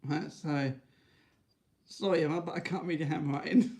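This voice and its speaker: A man's voice: normal speed, a little mellow. A man rambling to camera in a casual vlog, restarting often and tagging lines with "right?". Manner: high sing-song baby talk to his dog. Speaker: vlogger.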